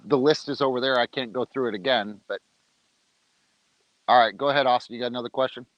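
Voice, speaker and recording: A man hosts a laid-back outdoor livestream, joking around and talking with food in his mouth. The sound is dry and a little dull, as if from a low-grade mic. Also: fast, no room sound. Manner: loose, joking, talks while eating. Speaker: organization leader on a livestream. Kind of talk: casual livestream talk. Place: outdoors, rain coming.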